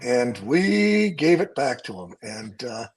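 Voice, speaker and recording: A man, a stunt coordinator, telling profane, lively stories from a film set and acting out other people's lines. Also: medium pitch, slow pace, slightly rough, low-quality recording.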